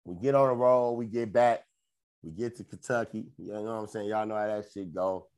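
A man's voice: lowish voice, brisk, a little mellow, clear, resonant tone. A man, telling a loose, profane weekend story on a podcast and slipping into quoted voices. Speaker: podcast co-host. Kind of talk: casual storytelling chat.

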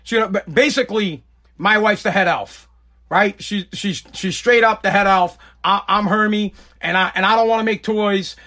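A man in his thirties hosts a podcast in a high, bright, forceful voice at a moderate pace. He rants casually, swearing a lot and repeating himself.

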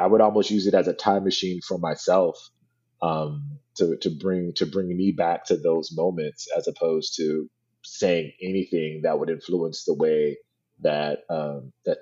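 A man being interviewed, telling a story in a relaxed, rambling way full of restarts. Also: rumbling low, a little slow, husky, highs cut off. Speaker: guest. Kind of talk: casual interview chat.

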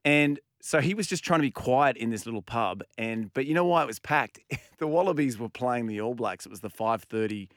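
A man co-hosting a radio show, telling stories in a relaxed, chatty way. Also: medium pitch, brisk, few pauses, no room sound. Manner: chatty storyteller, laughs often. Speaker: radio co-host. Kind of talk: casual radio banter.

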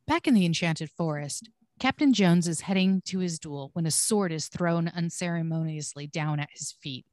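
A woman's voice: on the low side, moderate pace, darkish tone, dry recording, studio quality. A woman co-hosting a podcast, reading scripted episode recaps with blunt, swearing asides.

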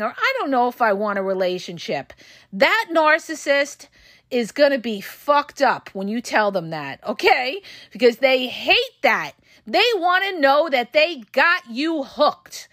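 A woman podcast host and relationship coach giving blunt, profane advice straight to her listeners, her voice going hoarse. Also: high-pitched, bright, forceful tone, no room sound, studio quality. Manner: frank, profane, emphatic, addresses listeners as "you guys". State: losing her voice.

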